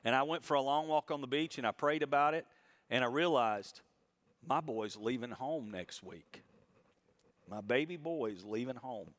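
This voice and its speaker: A middle-aged man delivers a sermon in a voice of ordinary pitch. He moves from quiet, reflective stretches to sudden loud, high bursts, and he draws out his key phrases slowly. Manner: expressive preaching, rising loud for emphasis and slowing on key phrases. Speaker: pastor.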